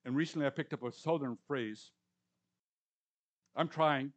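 A man in his sixties preaching a conversational sermon, repeating words for emphasis and swinging between loud and hushed lines. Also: a little high, normal speed, muffled recording. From Canadian or US prairies. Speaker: pastor.

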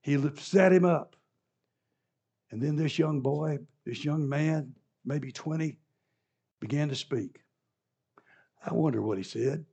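A man preaching a sermon, retelling a scene vividly and swinging from hushed to loud. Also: a little high, slow pace, gravelly, long pauses, husky. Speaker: pastor. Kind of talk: sermon storytelling.

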